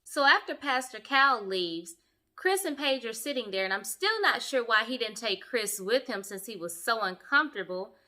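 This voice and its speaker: A young woman giving sassy, animated commentary as she reviews a reality show for her viewers. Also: a little high, normal speed. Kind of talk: casual commentary.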